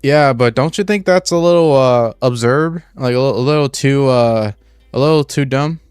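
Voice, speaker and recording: Talking through his actions step by step, a young live streamer rambles casually, full of "like" and restarts. He has a mid-range, smooth, slightly mellow voice at normal speed. Studio-quality audio, no echo.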